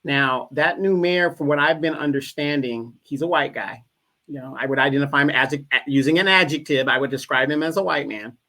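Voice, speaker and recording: Bright-toned man weighing his words. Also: a little high, fairly quick. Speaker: guest commentator. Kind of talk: casual political discussion.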